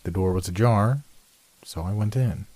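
A man voicing a blunt, jokey young male student who talks briskly and impatiently. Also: on the low side, warm tone, no echo, lightly acted. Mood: brusque.

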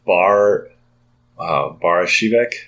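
A man co-hosting a casual podcast, hesitant and quick to laugh. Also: sits low, fairly bright tone, roomy sound. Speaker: podcast co-host.

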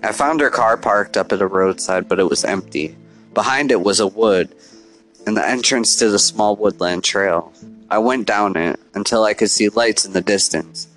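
A man voicing a grave, haunted middle-aged father who tells his story in a measured, solemn way, over faint music. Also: fairly low pitch, a bit bright, lightly acted, rough recording. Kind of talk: storybook narration.

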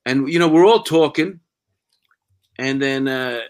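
A man who acts, chatting casually and telling animated stories. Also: medium pitch, measured pace, poor audio. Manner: animated storyteller. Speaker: actor. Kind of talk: casual chat.

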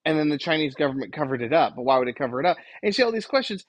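A podcast host lecturing listeners in an emphatic, exasperated solo rant. The voice has a husky edge at a mid pitch. The recording is dry and close, with no room sound. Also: big pitch swings, very fast, no echo, poor audio.

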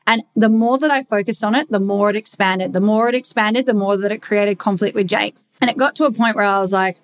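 A woman's voice: mid-range voice, brisk. A young woman talking bluntly in a casual confessional monologue, swearing freely as she rants.

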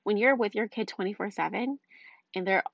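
A woman's voice: mid-range voice, a little fast, gravelly, dry recording. A young mother from the telling a frustrated story about her day, chatty and exasperated, full of "like" and "um". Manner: chatty, exasperated, frequent fillers like "like" and "um". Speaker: mother of two small children. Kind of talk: casual storytelling vlog. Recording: dull, dry lo-fi recording.

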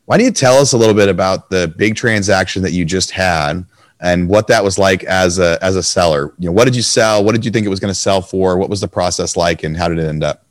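A slightly hoarse man hosts a real estate podcast, firing off questions at a fast clip. His voice sits low, and the sound is dry and close. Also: dry recording. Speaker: podcast host. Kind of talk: conversational interview.

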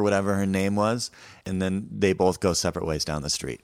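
A man with a very low voice recounting a late-night tour story in a relaxed, wry way. He acts out the lines he quotes. He is recorded close to the mic, with a dry sound and no room echo. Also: a little fast, smooth. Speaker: comedian telling a tour story. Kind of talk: casual podcast storytelling.

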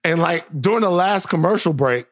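A man's voice: high voice, expressive, brisk. A young man co-hosting a podcast, telling stories playfully and animatedly, with lots of fillers. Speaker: podcast co-host. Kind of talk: casual podcast chat.

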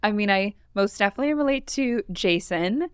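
A woman guest on a podcast, telling candid dating stories in an animated casual chat. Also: medium pitch, a little fast, clear, resonant tone, dry recording, clean studio sound. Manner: animated, candid, laughs through her stories.

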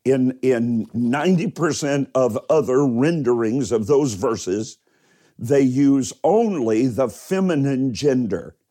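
A man's voice: medium pitch, animated, mellow. A man preaching a livestreamed sermon as pastor, leaning on key words and greeting viewers by name. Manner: emphatic preaching, stretching key words slowly.

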